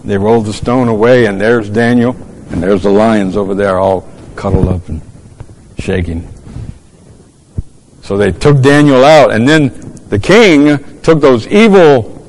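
A man's voice: lowish voice, slow, pauses often, a little hiss or hum. A man preaching a fervent sermon, repeating words as he goes and quoting scripture in old-fashioned English. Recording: long hall reverb.

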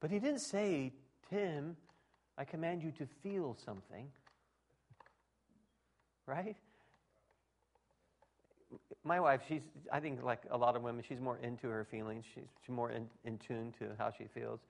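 A man's voice: mid-range voice, measured pace, creaky, long pauses. A middle-aged man preaching a conversational sermon, acting out quoted dialogue and laughing at his own jokes.

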